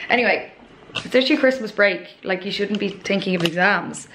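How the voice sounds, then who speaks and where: A woman's voice: medium pitch, a little fast, a bit bright, a little hiss or hum. A woman in her twenties with an Irish accent, rambling casually as she cooks and chats to camera. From Ireland. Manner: rambling, chatty, many fillers and asides. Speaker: vlogger. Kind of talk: casual chat while cooking. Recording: echoey room.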